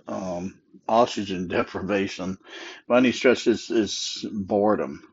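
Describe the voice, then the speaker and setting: A man's voice: deep voice, measured pace, slightly rough. Man, tired and yawning, casual podcast monologue, lots of fillers, dull lo-fi recording. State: sleepy. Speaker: podcast host.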